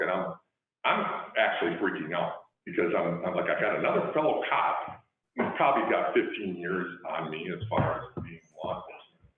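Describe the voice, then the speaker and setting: A middle-aged man with a fairly low voice, talking about his police work and acting out both sides of old conversations. The sound is thin and phone-like, with a lot of echo. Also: animated, moderate pace. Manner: conversational, acts out dialogue in his anecdotes. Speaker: guest speaker, police chief. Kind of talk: storytelling talk. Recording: tinny phone-like line with heavy echo.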